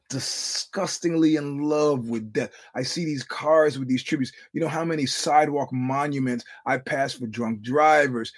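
A middle-aged man talks through his podcast in a loose, rambling monologue. He swears freely and often circles back to restart his sentences. His voice sits at a plain, medium pitch. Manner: rambling storyteller, profane, many restarts. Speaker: podcast host. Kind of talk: casual monologue.

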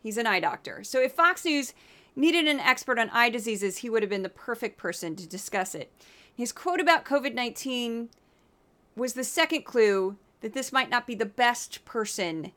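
A woman hosting a political commentary podcast, talking in a sarcastic, animated and opinionated way. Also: a little high, normal speed. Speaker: podcast host.

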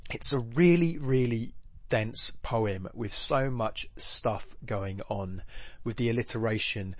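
A man's voice: medium pitch, dry recording. A man hosting a poetry podcast, talking through a sonnet in a casual, rambling way, correcting himself as he goes. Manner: rambling, self-correcting, with filler ums and restarts. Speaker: podcast host analysing poetry. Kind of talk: casual spoken analysis, thinking aloud.

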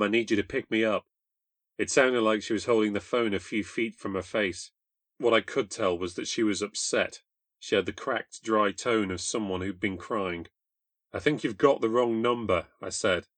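A young man narrates a first-person ghost story in a bitter, deadpan tone. His voice sits low, and the recording is dry and close with no room sound. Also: no echo. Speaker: podcast host and narrator.

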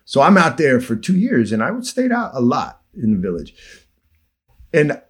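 A man's voice: mid-range voice, huge pitch swings, moderate pace. A man hosting a casual conversation, telling long anecdotes in an easygoing, sometimes emotional way. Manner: storytelling, drifting into soft emotional asides.

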